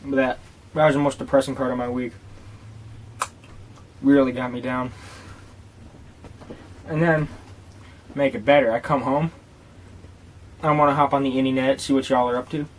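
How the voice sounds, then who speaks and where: A man telling casual vlog stories in a loose, rambling way. He swears often and jokes through his tale before moving on to a product review. His voice sits at an ordinary middle pitch. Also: level tone, moderate pace, pauses often, slight background noise. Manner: rambling, profane and joking. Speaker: tobacco dip reviewer.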